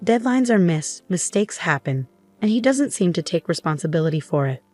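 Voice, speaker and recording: A calm, frank businessman speaks plainly and reassuringly, read by a woman narrator. The voice sits a little low. Faint music plays underneath. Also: normal speed, no echo. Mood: serious. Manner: serious, then reassuring.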